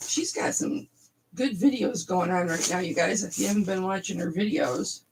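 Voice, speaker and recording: Gravelly, raspy-voiced woman hosting a live sale. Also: on the low side, a little hiss or hum, rough recording. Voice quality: raspy throat. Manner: raunchy, chatty, reads names off slowly. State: hoarse. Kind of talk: casual live selling stream.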